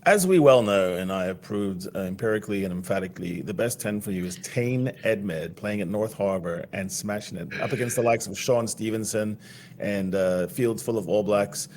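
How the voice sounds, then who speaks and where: A man's voice: on the low side, normal speed, a little mellow. A man from South Africa with a South African accent tinged with American, co-hosting a casual podcast chat and joking and laughing often. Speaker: podcast co-host.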